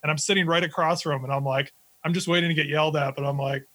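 A young army veteran telling stories in an animated, profane way during a casual podcast chat. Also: male voice, fairly high pitch, racing, no echo.

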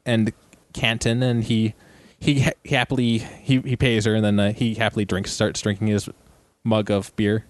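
A man narrating a tabletop role-playing game as game master, with frequent pauses and restarts. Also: on the low side, flat delivery, no room sound. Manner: halting, many ums and restarts.

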